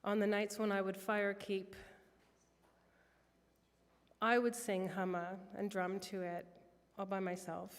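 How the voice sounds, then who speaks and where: A woman telling a heartfelt personal prayer story during a church worship service, soft-spoken and emotional. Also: medium pitch, little pitch movement, slow, pauses often, long reverb tail. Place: church sanctuary.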